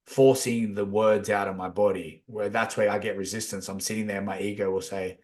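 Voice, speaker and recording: A man's voice: on the low side, steady tone, brisk, few pauses, a little mellow. A man chatting casually on a podcast, laid-back, swearing a lot as he talks about feelings and energy. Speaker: podcast co-host. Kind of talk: casual chat.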